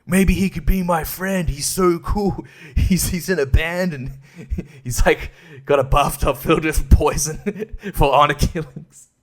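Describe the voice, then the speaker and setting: A man doing a mocking impression of a brash, loudmouthed British male agitator, with a coarse ranting delivery. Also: a little high, measured pace, natural voice.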